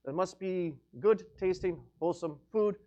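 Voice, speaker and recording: A man's voice: sits high, moderate pace, warm tone, muffled recording. A man narrating as game master of a tabletop game, laughing often between lines. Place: remote video call.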